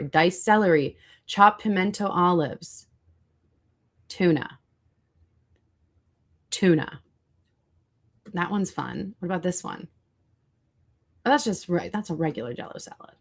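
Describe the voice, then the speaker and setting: A woman hosting a casual livestream, chatting with viewers and looking up foods online as she talks. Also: fairly low pitch. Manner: chatty, reacts to chat and searches food online. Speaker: livestream host.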